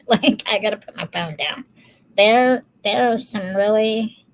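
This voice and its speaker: A woman's voice: medium pitch, unhurried, a little hiss or hum, low-quality recording. A woman co-hosting a podcast, chatting casually and poking fun at herself. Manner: self-deprecating, laughs easily. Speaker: podcast co-host. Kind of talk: casual chat.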